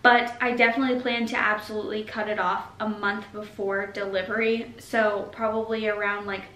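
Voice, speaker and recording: A woman's voice: mid-range voice, level tone, brisk, fairly bright tone. A young pregnant woman chatting emotionally in a casual update vlog, short of breath and uncomfortable. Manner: chatty and emotional, says y'all. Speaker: vlogger. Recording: echoey room with faint noise.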